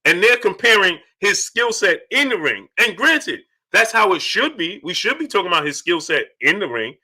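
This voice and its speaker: A man with a very bright, cutting voice that sits a little high, hosting a boxing talk livestream. He talks in animated bursts between loose commentary and shout-outs to viewers reading their chats. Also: normal speed, slightly rough. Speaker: boxing talk show host.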